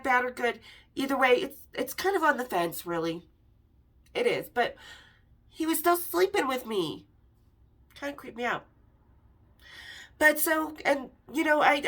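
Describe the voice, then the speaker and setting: A woman's voice: high voice, sharp tone. Candid, profane middle-aged woman storyteller. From Las Vegas. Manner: candid and profane, acting out quoted dialogue. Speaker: podcast host. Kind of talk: personal storytelling.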